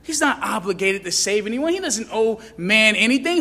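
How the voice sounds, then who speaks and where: A man preaching a sermon with impassioned delivery, rising to loud questions and dropping low for emphasis. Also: lively intonation, normal speed, in a large hall. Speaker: pastor.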